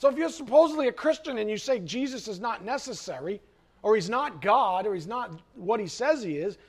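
A man preaching a sermon in an animated way, reading scripture and acting out everyday conversations. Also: high-pitched, fairly quick. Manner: animated, acts out quoted voices. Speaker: pastor.

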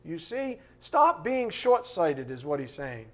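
A high-pitched man preaching an informal sermon in a blunt, fiery way. He swings from loud, punchy bursts to low, quiet asides. When he reads scripture he slows right down and leans on every word. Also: big pitch swings. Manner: reads scripture slowly with emphasis.

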